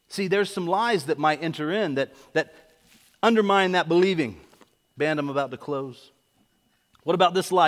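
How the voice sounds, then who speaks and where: A man's voice: on the high side, moderate pace, pauses often, fairly bright tone. A man preaching a sermon as pastor, driving his points home with repeated questions and calls to come forward. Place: church sanctuary. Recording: echoey hall.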